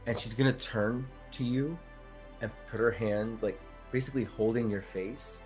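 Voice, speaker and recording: A man narrating his character's actions in an actual-play tabletop game, unhurried, with casual fillers. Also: mid-range voice, steady tone, darkish tone, faint music behind. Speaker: player.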